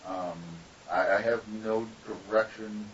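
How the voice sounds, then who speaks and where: A guest artist in a casual podcast interview tells rambling, profane stories in an unhurried, lowish voice with fairly even intonation. He's recorded on a distant, dull lo-fi mic with faint hiss.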